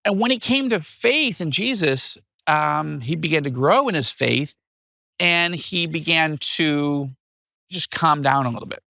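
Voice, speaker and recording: A man in his fifties from upstate New York, telling his life story as an interview guest in an animated way. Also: a little high, a little slow, gravelly, dry recording. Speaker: guest author.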